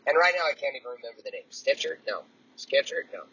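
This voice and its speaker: A man in his early forties hosting a motivational podcast, telling a story in a blunt, profane, animated way. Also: mid-range voice, quick pace, slightly rough, muffled recording. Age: 40s. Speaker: podcast host. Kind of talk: motivational monologue.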